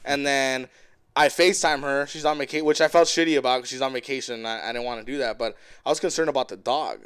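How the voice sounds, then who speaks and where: A man's voice: medium pitch, fast, fairly bright tone, clean tone, dry recording. A man from co-hosting a podcast, chatting casually and telling loose, profane stories with acted-out quotes. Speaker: podcast co-host. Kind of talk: casual chat.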